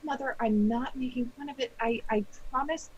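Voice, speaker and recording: A woman's voice: high-pitched, normal speed, dull audio, background noise, natural voice. A woman voicing an anxious young witch student who stammers and pleads in a tabletop game. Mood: pleading.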